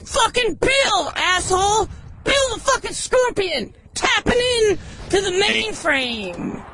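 A man voicing a deranged male scorpion who calls in, shouting and swearing in a manic war-veteran rant. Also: extremely high pitch, big pitch swings, slow pace, slight background noise, full character voice. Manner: profane, manic, shouting, stammering. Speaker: caller.

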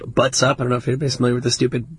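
A man's voice: mid-range voice, completely flat delivery, rapid-fire, slightly rough. A man telling a story of his own in casual podcast chat, in a self-deprecating way.

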